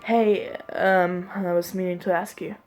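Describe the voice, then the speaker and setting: A woman voicing a kind young man, a gentle older brother who speaks hesitantly and softly. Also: on the low side, little pitch movement, a little slow, natural voice.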